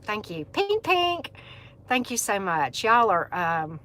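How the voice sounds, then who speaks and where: This is a middle-aged woman chatting live with her viewers. She has an easy, chatty, animated manner and laughs often. Her voice sits in a comfortable middle pitch. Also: slow. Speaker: livestream host. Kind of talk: casual live chat.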